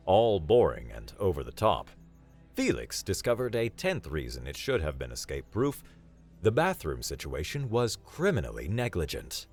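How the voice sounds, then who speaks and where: A man narrating a comedic sci-fi story in a wry, deadpan way. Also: rumbling low.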